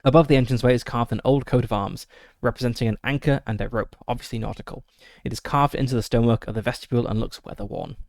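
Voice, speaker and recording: A man with a gravelly, crackly voice reads a solo tabletop adventure aloud, dropping in frequent "uh" fillers and side remarks. He sounds close and dry, with no room around him. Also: medium pitch, fast talker, few pauses, no echo. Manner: steady descriptive reading with frequent "uh" fillers. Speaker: streamer running a solo tabletop game. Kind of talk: reading a gamebook aloud with asides.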